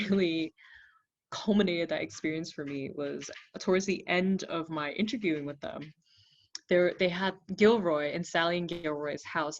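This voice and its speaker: A young woman with a fairly low voice recounts her reporting work in an oral history interview. She tells it with animation and jumps up in pitch to act out quotes. The recording sounds muffled and lo-fi. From Brooklyn, New York. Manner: animated storyteller who acts out quotes in a raised voice. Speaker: journalist and filmmaker being interviewed.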